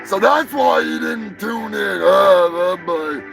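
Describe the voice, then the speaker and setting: A man's voice: high-pitched, animated, takes it slowly, gravelly, over music, low-quality recording. A man hosting a live show, rambling through profane, joking rants. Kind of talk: rambling live-stream monologue.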